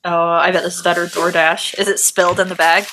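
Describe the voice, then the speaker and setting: A woman's voice: on the low side, little pitch movement, fairly quick, background noise. A woman co-hosting a podcast in casual comedic chat, reading out a story and joking with a lot of swearing. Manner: swearing, jokey, reads story notes. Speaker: podcast co-host.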